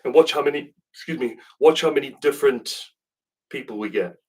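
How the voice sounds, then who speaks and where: A man's voice: medium pitch, a little fast, breathy edge, recorded from a distance. A man from South Africa who speaks with a southern English accent, chatting casually as a rugby video host and rambling through viewer questions with asides and restarts. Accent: British, southern English. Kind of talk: casual chat to camera.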